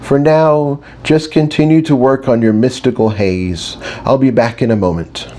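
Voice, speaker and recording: A man's voice: medium pitch, normal speed, mellow, voice pushed up, natural voice. A man doing a soothing woman teacher. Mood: coaxing. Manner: soothing, coaxing. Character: patient woman magic teacher, hiding frustration.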